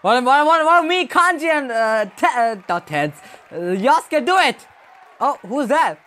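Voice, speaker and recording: A woman streaming a video game, reacting with loud exclamations, laughter and slang. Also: sits high, expressive, normal speed. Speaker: gaming streamer. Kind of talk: excited game commentary.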